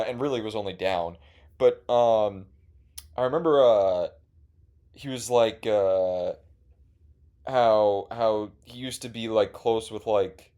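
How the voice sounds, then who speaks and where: A man's voice: lowish voice, a little mellow. A young man telling a rambling, profane, sarcastic story as host of a casual comedy monologue, full of fillers.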